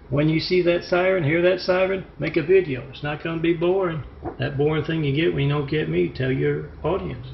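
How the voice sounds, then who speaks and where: A man delivering a rambling, disjointed self-promotional monologue, halting with fillers. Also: a little high, vocal fry. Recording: muffled lo-fi recording with faint hiss.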